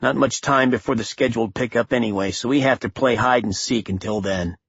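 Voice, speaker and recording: A man's voice: mid-range voice, fairly quick, vocal fry, fairly bright tone, husky. A man reading an audiobook, voicing a tough male Marine sniper who speaks tersely with a dry wit, from a slightly dull recording. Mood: tense, wry.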